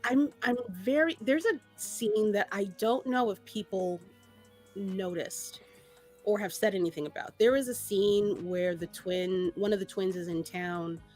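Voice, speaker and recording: A woman co-hosting a casual podcast, talking in an animated way with laughs and many restarts. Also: medium pitch, unhurried, soft background music. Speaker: podcast co-host. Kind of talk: casual chat.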